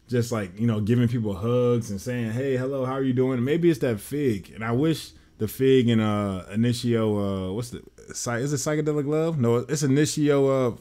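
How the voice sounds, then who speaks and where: Excitable American man reviewing fragrances. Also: medium pitch. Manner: enthusiastic, rambling, says "man" and "y'all" often. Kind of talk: casual review vlog.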